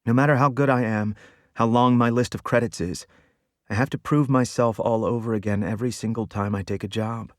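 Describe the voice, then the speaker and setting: A man's voice: mid-range voice, fairly even intonation, fairly quick, no echo, studio quality, close to an everyday voice. A man voicing a stern, guarded older woman who works as a film producer in an audiobook, speaking in a clipped way. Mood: frustrated. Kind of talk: audiobook narration.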